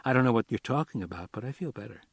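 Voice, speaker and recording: A man's voice: mid-range voice, expressive, very fast, husky, dry recording, studio quality. A man reading an audiobook, voicing an edgy, self-conscious woman nearing thirty. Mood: sharp. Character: nervous woman about to turn thirty.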